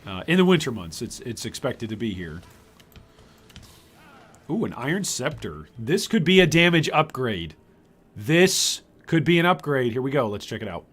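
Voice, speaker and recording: An older man from Michigan streams a game live and chats with viewers as he plays. His pitch swings widely through the talk. His bursts of excitement break up an easy, chatty delivery. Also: moderate pace. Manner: chatty, reads chat aloud, bursts of excitement. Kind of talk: live gameplay commentary.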